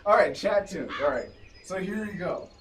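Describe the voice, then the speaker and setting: A man's voice: high voice, expressive, normal speed, noisy background. A man hosting a casual livestream talk show, rambling, restarting sentences and giggling often. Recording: distant mic with music behind. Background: music.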